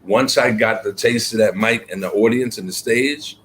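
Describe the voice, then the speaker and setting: A man's voice: lowish voice, moderate pace, fairly bright tone, a little hiss or hum. A man being interviewed as a guest poet, telling his story earnestly and reflectively, with many fillers and repeated words.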